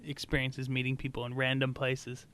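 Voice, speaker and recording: A man's voice: medium pitch, completely flat delivery, moderate pace, fairly bright tone, clean tone. A man hosting a casual podcast, asking a guest easygoing questions. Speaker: podcast host. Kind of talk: casual chat, interviewing.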